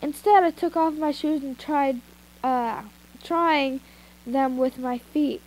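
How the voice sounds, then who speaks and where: Amateur woman reader, high-pitched, unhurried, casual with asides; phone mic. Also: darkish tone, low-quality recording. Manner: informal reading with frequent asides and retakes. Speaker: fanfiction reader. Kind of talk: amateur story reading.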